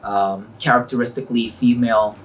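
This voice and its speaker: A man's voice: mid-range voice, steady tone, a little fast, a little hiss or hum. A man hosting a casual interview, explaining things in a friendly way with fillers like "you know". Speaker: host and perfume brand founder.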